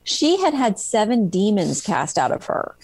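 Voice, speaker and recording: A woman's voice: medium pitch, big pitch swings, a little slow, darkish tone, breathy edge, dry recording. A middle-aged woman, a guest author in an interview, retells stories earnestly and with animation, with plenty of "um"s, in a dry-sounding recording. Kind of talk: conversational storytelling interview.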